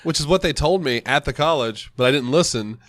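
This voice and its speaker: A man's voice: a little high, expressive, a little fast, fairly bright tone, dry recording. A man hosting a podcast, sick and nasal, chatting casually and laughing through his stories. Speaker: podcast host. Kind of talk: casual chat.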